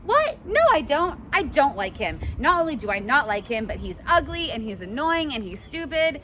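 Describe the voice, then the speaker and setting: A woman voicing a flustered teenage girl who loudly denies having a crush. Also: high-pitched, sing-song, normal speed, slight background noise, voice pushed up, exaggerated voice. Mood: defensive. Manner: squealing, flustered denial.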